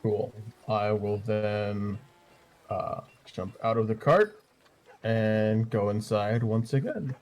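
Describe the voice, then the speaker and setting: Slow, easygoing man playing a tabletop game. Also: fairly low pitch, darkish tone, a little hiss or hum. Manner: casual, hesitant. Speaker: player.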